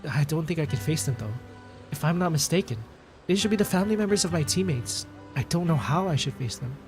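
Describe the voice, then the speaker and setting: A man's voice: a little high, expressive, quick pace, a little mellow, faint music behind, natural voice. A man reading a guilt-ridden woman soldier.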